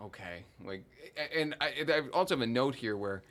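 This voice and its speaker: A man co-hosting a casual film podcast, animated and laughing as he acts out reactions. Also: medium pitch, fairly quick. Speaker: podcast co-host discussing a film. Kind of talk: casual chat.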